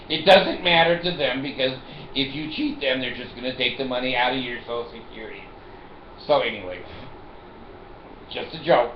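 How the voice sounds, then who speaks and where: An older man talks casually to the camera from his chair at home, rambling from one story to the next and laughing at his own jokes. His voice sits at an ordinary middle pitch. The recording is roomy and somewhat dull, with faint noise behind him. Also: moderate pace, pauses often. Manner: rambling, joking, laughs often. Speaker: vlogger.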